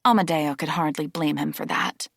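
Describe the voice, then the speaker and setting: Woman reading a novel, steady pace, lowish voice, dry close mic. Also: normal speed, gravelly, dry recording. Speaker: audiobook narrator. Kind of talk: scripted narration.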